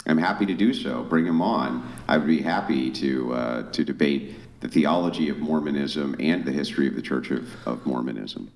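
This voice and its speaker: A man's voice: rumbling low, normal speed. A man arguing bluntly and combatively in a heated panel debate. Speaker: debate guest.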